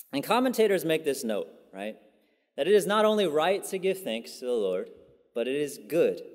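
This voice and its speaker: A man's voice: mid-range voice, darkish tone. Man preaching conversationally in a reverberant church. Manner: conversational, many fillers and asides. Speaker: pastor. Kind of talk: sermon. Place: church sanctuary. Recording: long church hall reverb.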